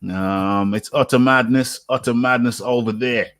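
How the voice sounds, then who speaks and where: A British man hosting a casual boxing chat, animated and laughing often, repeating his words as he goes. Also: mid-range voice, takes it slowly. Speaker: host.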